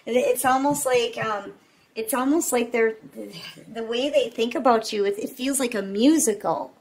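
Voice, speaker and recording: Woman doing a tarot reading, kinda high voice, gets really intense and keeps asking "okay?". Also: a little slow, low-quality recording. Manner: intense, emphatic, repeats herself, checks in with "okay?". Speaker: tarot reader. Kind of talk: casual tarot reading monologue.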